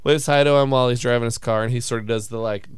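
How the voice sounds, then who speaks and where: Chatty young man with a smooth voice. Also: mid-range voice, steady tone, fast, no echo, studio quality. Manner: chatty, laughs often, rambling questions. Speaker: podcast co-host. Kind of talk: casual chat.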